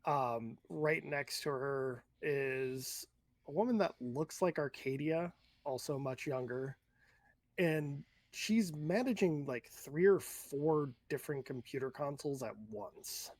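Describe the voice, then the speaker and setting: A man narrating a tabletop role-playing game as game master, describing scenes in a halting, searching way. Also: a little high, a little mellow, dry recording.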